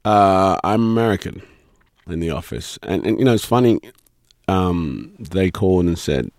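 A British man, an actor guest, chatting casually in an interview, chuckling often and filling pauses with um and you know. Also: low-pitched, dry recording, studio quality. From Britain. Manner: relaxed, chuckling, many ums and you-knows.

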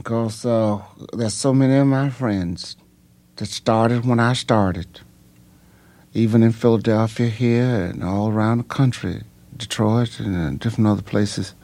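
An older man, a pastor, telling his story in an interview, halting with many ums and jumping high in pitch as he relives it. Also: mellow. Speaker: pastor and singer, interview guest.

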